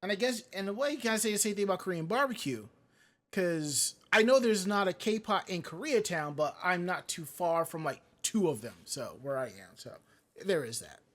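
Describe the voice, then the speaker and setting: A man with a notably high-pitched voice talking loosely on a live-streamed show. He drifts from one tangent to the next and stops to read out chat messages, all in easy casual chat. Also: lively intonation, moderate pace, fairly bright tone. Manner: rambling, digressive, reads chat comments aloud. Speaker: podcast co-host.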